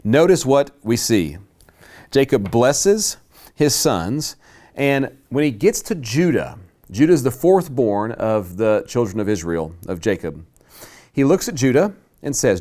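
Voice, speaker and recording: A man teaching a Bible class to a live group, emphatic and slowing down to stress key words. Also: medium pitch, very animated, darkish tone.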